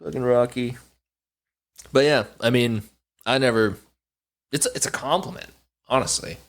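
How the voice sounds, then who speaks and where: A man's voice: mid-range voice, a little slow. A young man co-hosting a casual podcast in a studio, telling stories with lots of energy and acting out the voices of the people in them. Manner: animated storyteller, acts out quoted voices. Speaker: podcast co-host. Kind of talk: casual chat.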